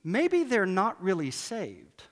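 Animated high-voiced pastor preaching. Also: male voice, takes it slowly. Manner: animated, emphatic repetition, rhetorical questions. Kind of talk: sermon. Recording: long hall reverb.

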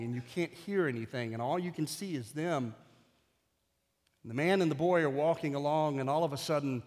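A man's voice: fairly high pitch, big-room sound. A male pastor giving a sermon, telling a story in vivid detail and building to an emotional peak.

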